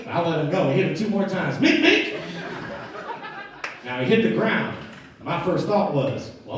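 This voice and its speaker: Stand-up comic in an echoey club. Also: male voice, a little high. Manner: storytelling, acting out voices. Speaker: stand-up comedian. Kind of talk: stand-up set. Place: comedy club stage. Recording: echoey club, mic at a distance, loud crowd. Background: audience laughter.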